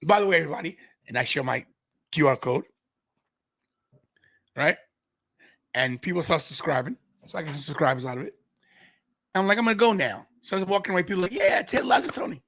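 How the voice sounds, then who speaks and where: A man from Brooklyn, hosting a podcast and telling a story with lively dialogue. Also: fairly high pitch, no room sound, clean studio sound. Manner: acts out other people's lines in quick voices. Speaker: podcast host.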